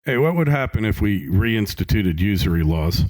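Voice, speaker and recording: A male podcast host with a fairly low voice runs the interview in an easygoing way. He agrees readily and talks loosely, with frequent fillers. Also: big pitch swings, normal speed, darkish tone.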